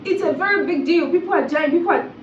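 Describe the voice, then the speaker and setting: High-voiced woman, roomy and distant. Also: fast talker, a little hiss or hum. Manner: animated, exasperated, repeats phrases. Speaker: reality TV commentator. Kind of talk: casual commentary vlog. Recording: roomy, distant, dull sound.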